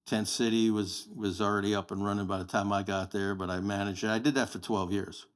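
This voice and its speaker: Plain-spoken older man, low voice. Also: flat delivery, fairly quick. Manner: plain-spoken, anecdotal, blunt. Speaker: podcast guest, sheriff candidate. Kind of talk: casual storytelling interview.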